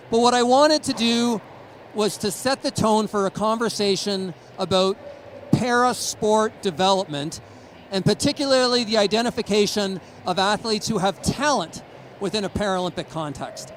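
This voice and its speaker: High-voiced Canadian man presenting. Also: slight background noise, poor audio. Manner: storytelling, chuckles, acts out quotes. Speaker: conference speaker. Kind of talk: conference presentation.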